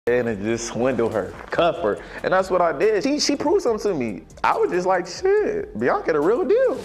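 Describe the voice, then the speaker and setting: A young man tells his side of the story in loose, slangy talk, his pitch rising and falling a lot. Faint music plays underneath. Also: a little fast. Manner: casual, slangy, lively pitch when quoting. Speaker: young father interviewed on camera. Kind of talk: personal storytelling.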